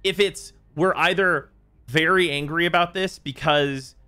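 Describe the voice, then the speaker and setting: Guy ranting on his game stream, bright tone, swears a lot, light music under. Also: on the high side, measured pace, clear, resonant tone. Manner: exasperated, swearing, animated rants. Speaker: streamer host. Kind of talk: casual gaming stream chat.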